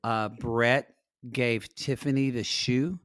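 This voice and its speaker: A man co-hosting a casual recap podcast, earnest and openly emotional. His voice sits mid-pitch for a man. The recording is dry and close. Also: fairly even intonation, slow, a bit bright, no echo. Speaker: podcast co-host.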